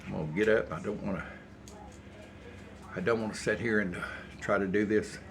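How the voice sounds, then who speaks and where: Deep-voiced older man cooking. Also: fairly even intonation, fairly quick, creaky, noisy background. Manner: rambling, folksy storytelling while cooking. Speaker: cooking channel host. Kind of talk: casual cooking vlog chat. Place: home kitchen.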